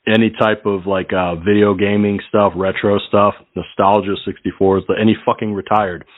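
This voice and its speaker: A man's voice: on the low side, no echo. A man hosting a casual call-in radio show, rambling through crude jokes and laughing often. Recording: tinny phone-like line.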